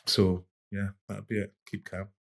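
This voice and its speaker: Man, middle-aged, boxing coach on a podcast, laid-back rambling talk, lowish voice. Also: completely flat delivery, measured pace, gravelly. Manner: easygoing, rambling, many restarts and "you know". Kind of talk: relaxed conversational storytelling.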